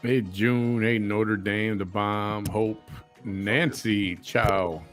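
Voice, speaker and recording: A man's voice: on the low side, fairly even intonation, drawn-out words, over music. A man hosting a late-night casual chat, easygoing, laughing often and greeting viewers by name. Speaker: host.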